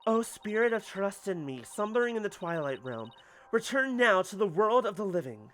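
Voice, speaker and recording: A man's voice: high-pitched, sing-song, moderate pace, fairly bright tone. A man voicing a confident, cheerful young female spirit medium in a game. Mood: solemn, confident. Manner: upbeat, self-assured.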